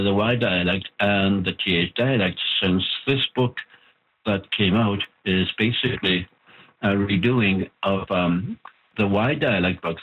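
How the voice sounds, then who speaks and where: A man explains his book over the phone in a patient, measured way, pausing often and filling gaps. His voice sits a little low and sounds husky. The line is thin and tinny, like an old phone call. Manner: measured, explanatory, with pauses and fillers. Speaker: author of a Cree language book.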